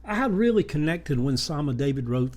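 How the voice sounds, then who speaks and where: A man's voice: on the high side, sing-song, normal speed, a little mellow. A man, telling stories in a rambling, folksy way with many fillers. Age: 70s. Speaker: vlogger. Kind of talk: casual monologue.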